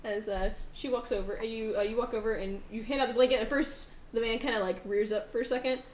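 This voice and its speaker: A woman's voice: fairly high pitch, fairly even intonation, fast talker, echoey room, poor audio. A woman narrating a tabletop game as game master, rambling with restarts and frequent laughter.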